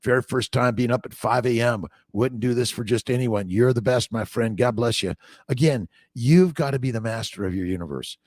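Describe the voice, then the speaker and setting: A man's voice: medium pitch, normal speed, darkish tone, no room sound, studio quality. An older man, a doctor, hosting a casual morning livestream, upbeat and preachy, greeting viewers by name.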